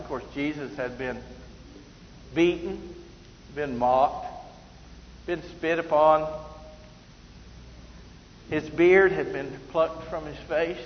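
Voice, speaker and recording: A male preacher with a slightly high voice, telling homespun stories and laughing at his own slips before turning to scripture. His voice rings through a large, reverberant church hall. The sound is a little dull and muffled, with faint room hum behind him. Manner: folksy storytelling, laughing at himself. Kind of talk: sermon.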